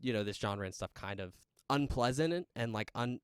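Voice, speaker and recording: A man in casual conversation as a podcast co-host, quick to laugh and animated as he goes. His voice sits at an ordinary pitch. The sound is dry and close. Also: smooth, no echo. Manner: chatty, animated, laughs often. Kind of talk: casual movie chat.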